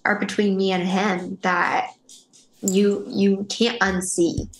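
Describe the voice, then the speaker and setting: An earnest woman in her thirties talks openly as an interview guest, circling back and restarting as feelings rise. Her voice sits at an ordinary pitch for a woman and carries a roomy echo. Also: level tone, takes it slowly, noisy background. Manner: emotional, earnest, rambling with restarts. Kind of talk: candid interview storytelling.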